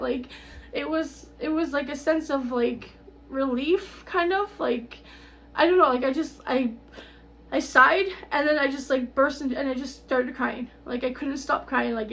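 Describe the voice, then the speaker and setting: A middle-aged woman talking straight to camera in a tearful, rambling personal update, halting and repeating herself. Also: sits high, creaky, fairly bright tone. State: tearful, on the verge of crying. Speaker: vlogger.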